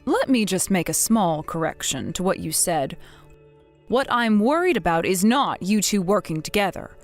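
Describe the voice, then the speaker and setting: A woman's voice: medium pitch, sing-song, faint music behind, lightly acted. A woman playing a stern, blunt older mother. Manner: measured, firm, scolding. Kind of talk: scripted text-message drama reading.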